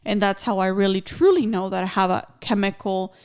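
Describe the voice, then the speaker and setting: A woman's voice: mid-range voice, fairly even intonation, brisk, darkish tone, clean tone. A woman co-hosting a casual podcast, talking in an earnest, reflective way and slipping in Spanish phrases. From Mexican-American. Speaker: podcast co-host.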